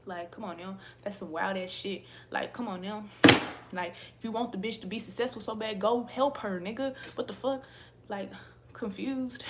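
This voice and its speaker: A woman's voice: medium pitch, moderate pace, very noisy. A woman YouTuber who reads tarot, ranting angrily to camera in a profane, repetitive way.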